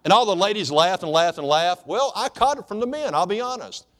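A man's voice: high voice, expressive, brisk, a bit bright. A man preaching a sermon in a folksy, joking way, calling for amens. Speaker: pastor.

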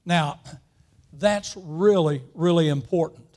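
A man preaching a sermon, telling stories in a folksy way with drawn-out pauses and frequent throat clearing. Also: a little high, darkish tone. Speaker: pastor.

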